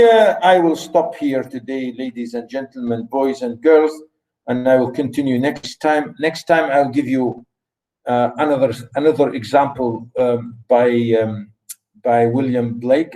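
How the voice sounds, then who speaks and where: Older man lecturing slowly, emphatic. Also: medium pitch, warm tone, rough recording. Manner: emphatic, repeats phrases, restarts often. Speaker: literature lecturer. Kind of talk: university lecture.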